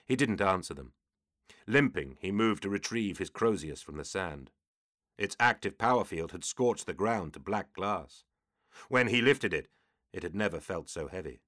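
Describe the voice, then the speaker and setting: Brief: very deep male narrator, steady scripted reading, dry close studio sound. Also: moderate pace, no room sound. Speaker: audiobook narrator.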